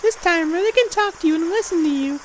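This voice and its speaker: A woman's voice: very high-pitched, quick pace, slight background noise, low-quality recording. A woman voicing an eerie teenage girl who stalks a frightened boy, in a sweet, sing-song and menacing way. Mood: creepy sweet. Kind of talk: fan voice acting of a game.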